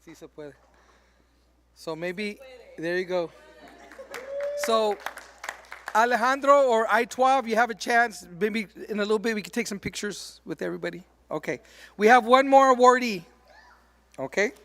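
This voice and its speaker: High, bright-voiced man presenting awards. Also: moderate pace, pauses often, a little hiss or hum. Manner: informal, peppers speech with "okay". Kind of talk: speaking at an awards reception. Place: indoor reception event.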